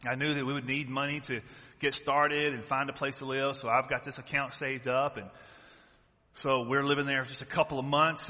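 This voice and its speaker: A man's voice: medium pitch, pushed and bright. A man preaching a sermon as pastor, emphatic and full of rhetorical questions. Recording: long church-hall reverb.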